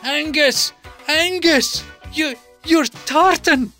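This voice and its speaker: A storyteller voicing a startled farm wife who shrieks and scolds in a high, shrill voice. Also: big pitch swings, slow, soft background music. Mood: shrieking alarm. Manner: exclaiming in loud alarm. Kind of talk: storybook reading.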